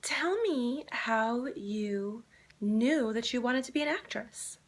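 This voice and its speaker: A woman's voice: a little high, expressive, slow. A woman voicing a female documentary filmmaker who interviews an actress in an improv comedy mockumentary, gushing and enthusiastic.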